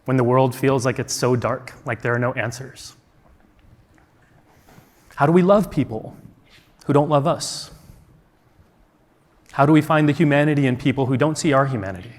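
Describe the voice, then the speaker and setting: A man from the United States speaks at a conference, telling a personal story in an earnest, reflective way with many rhetorical questions. His voice is medium-pitched, at a moderate pace with frequent pauses. The large hall produces a long reverb.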